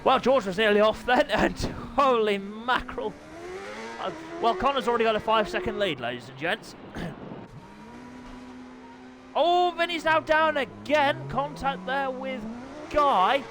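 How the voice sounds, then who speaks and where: A man commentating on an online motorbike race, excitable and self-mocking, often talking to himself. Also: extremely high pitch, unhurried, long pauses. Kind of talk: sim racing commentary.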